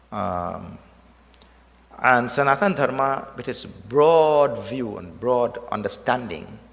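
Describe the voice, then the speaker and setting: Man, preacher, mid-pitched voice, repeats words for emphasis, long echo of a hall. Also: vocal fry, fairly bright tone. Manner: storytelling with rhetorical questions, repeats words for emphasis. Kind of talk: devotional sermon. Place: temple hall.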